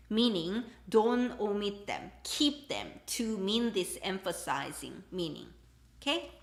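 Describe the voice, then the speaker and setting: A woman teaching a live-streamed language lesson, slow when explaining and quick with her examples, laughing often. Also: mid-range voice, a bit bright, echoey room. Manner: switches between slow English explanations and quick Korean examples. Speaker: Korean teacher.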